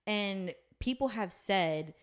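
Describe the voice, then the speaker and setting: A woman's voice: medium pitch, lively intonation, takes it slowly, smooth. A woman hosting a casual chat, retelling a story in a loose, rambling way with some swearing. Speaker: podcast host.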